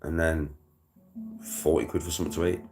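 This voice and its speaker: A young British man with a rumbling low, darkish voice chats casually to his livestream viewers as a vlogger, speaking fairly quickly in a flat delivery. His talk is full of slang and swearing, and he laughs often. Soft music plays in the background.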